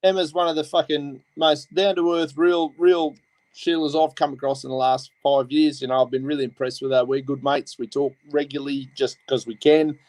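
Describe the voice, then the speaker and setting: A man's voice: fairly high pitch, little pitch movement, normal speed, a little mellow, no echo, poor audio. A man with an Australian accent hosting a casual chat, talking bluntly and swearing as he rambles. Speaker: host.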